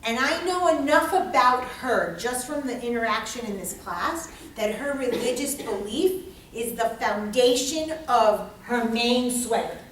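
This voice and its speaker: A woman teaching a class, lecturing in a dramatic and animated way and swearing freely. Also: on the high side, unhurried. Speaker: instructor leading a class. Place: large echoey classroom. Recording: echoey classroom, distant mic.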